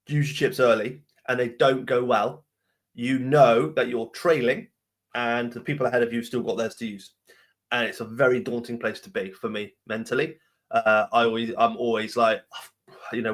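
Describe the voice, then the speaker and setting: A man's voice: medium pitch, a bit bright. A tired man hosting a solo podcast Q&A, blunt and ranty, swearing casually. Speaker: podcast host.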